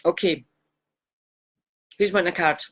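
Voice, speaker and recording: A woman's voice: lowish voice, unhurried, breathy edge, lo-fi sound. Chatty Glasgow Scottish woman. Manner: chatty, self-deprecating, greeting viewers by name. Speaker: psychic and live stream host. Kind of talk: casual live stream chat.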